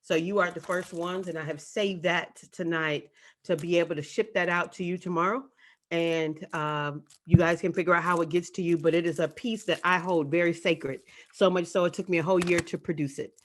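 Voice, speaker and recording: A woman's voice: lowish voice, fairly even intonation, fairly quick. Emphatic woman spoken word poet. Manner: emphatic, rhythmic, repeats phrases for effect. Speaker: spoken word poet leading an online event. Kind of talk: spoken word performance and audience dialogue. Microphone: video call.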